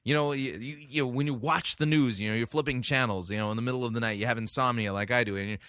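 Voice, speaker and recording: Animated man critiquing a sermon. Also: medium pitch, quick pace, dry recording, clean studio sound. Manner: conversational, restarts, animated mock voices. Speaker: sermon reviewer. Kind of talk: commentary on a played sermon.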